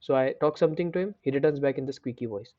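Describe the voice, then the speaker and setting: A man's voice: medium pitch, fast talker, dry recording, dull audio. A man hosting a coding tutorial, explaining step by step and checking in with repeated "right?" and restarts. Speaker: programming tutor. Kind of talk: screen-share coding tutorial.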